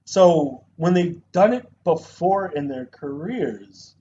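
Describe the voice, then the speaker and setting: A man co-hosting a casual movie review show, talking in an animated, profane way and mimicking actors. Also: fairly high pitch, slow pace. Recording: dull lo-fi sound with faint noise.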